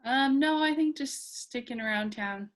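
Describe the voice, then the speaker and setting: A woman's voice: sits high, unhurried. A woman acting as a client in a speech exam, chatting casually with some hesitation. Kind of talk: casual chat.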